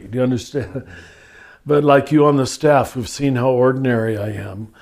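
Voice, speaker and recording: Older male spiritual teacher, podcast guest, gentle and unhurried, mid-pitched voice. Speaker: spiritual teacher answering listener questions. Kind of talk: reflective podcast conversation.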